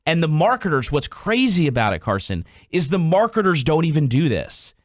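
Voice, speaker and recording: Male business podcast host, fairly high voice, animated storyteller, dry recording. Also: no echo. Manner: animated, acts out customer dialogues in quick voices. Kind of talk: casual business chat.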